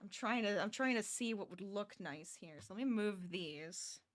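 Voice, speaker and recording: A woman's voice: mid-range voice, lively intonation, moderate pace, no room sound, clean studio sound. A tired woman chatting casually with her viewers during a live crochet stream from her home office, laughing often and reading chat aloud.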